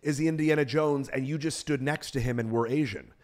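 A man hosting a podcast, teasing his guest and telling animated stories in casual chat. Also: medium pitch, a little fast. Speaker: podcast host.

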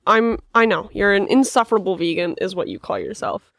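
A woman's voice: medium pitch, brisk, vocal fry, a bit bright, no room sound, studio quality. Playful young woman, bickering back. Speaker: co-host. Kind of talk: casual chat.

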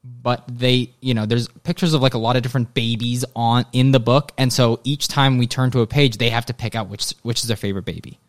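A man's voice: medium pitch, steady tone, a little fast, hardly any pauses. A man chatting casually on a podcast, telling rambling, easygoing anecdotes. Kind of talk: casual chat.

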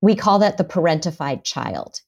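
Lively woman therapist, low voice. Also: moderate pace, creaky. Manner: animated, acts out parents' and children's voices. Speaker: therapist and author, guest. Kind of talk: conversational podcast interview.

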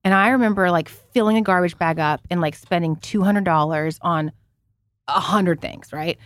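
A Canadian woman in her forties co-hosting a podcast, chatting casually and telling animated stories, swearing freely and laughing as she talks. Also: on the low side, moderate pace, dry recording. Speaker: podcast co-host. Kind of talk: casual chat.

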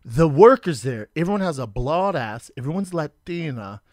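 A man's voice: fairly high pitch, big pitch swings, normal speed, no echo, studio quality. A man, co-hosting a podcast and telling profane stories in casual chat. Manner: storytelling, acts out voices, profane. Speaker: podcast co-host.

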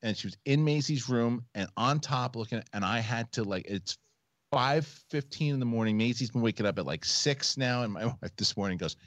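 A man's voice: medium pitch, normal speed, no room sound. A man in his forties hosting a casual comedic chat show, telling family stories with lots of swearing and acted-out quotes. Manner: animated storyteller, swears freely, acts out quotes. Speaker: podcast host.

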